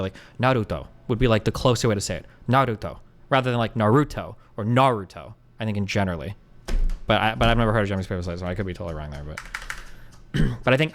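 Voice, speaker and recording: A man with a mid-range voice chats informally with viewers during a live stream, answering their messages. His talk wanders, he voices his self-doubt openly, and he drops casual swear words.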